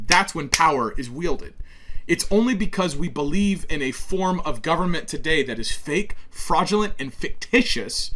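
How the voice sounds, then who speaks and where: A man's voice: on the high side, a bit bright. A man hosting a political monologue, speaking emphatically and preachily, sometimes stumbling over words. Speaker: host.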